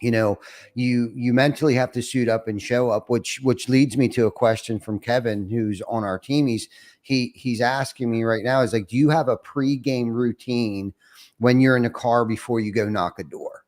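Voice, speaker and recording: A podcast host speaks in a mid-range, steady, slightly mellow voice at a moderate pace during a casual interview chat. He's reflective, often restarting sentences and using plenty of fillers.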